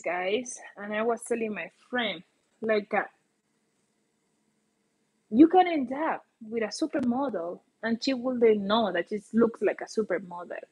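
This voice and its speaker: A woman's voice: a little high, slightly rough. A woman with a Colombian accent, a native Spanish speaker, chatting casually on a livestream and often searching for English words. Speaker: vlogger.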